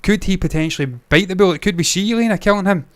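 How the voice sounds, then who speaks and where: A man's voice: high-pitched, very fast, clean tone, dry recording. A Scottish man co-hosting a casual film chat, rambling and swearing freely. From Scotland. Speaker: podcast co-host.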